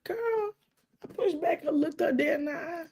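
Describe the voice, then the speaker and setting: A middle-aged woman hosting a live stream, telling stories with quoted dialogue and hushed asides. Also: extremely high pitch, normal speed. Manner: animated storytelling with quoted dialogue and dramatic hushes. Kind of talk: casual live-stream talk.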